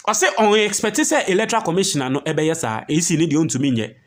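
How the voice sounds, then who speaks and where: A man's voice: on the high side, animated, quick pace, hardly any pauses. A man with a Ghanaian accent hosting an emphatic political news commentary and explaining documents he reads aloud.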